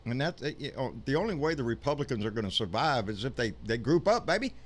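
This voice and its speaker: A man's voice: medium pitch, very animated, fast, a little hiss or hum. A man hosts a live political chat show in an ordinary middle-range voice. He talks bluntly and swears freely. He gets fired up and preachy as he makes his points. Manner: blunt, profane, fired-up, calls people "baby".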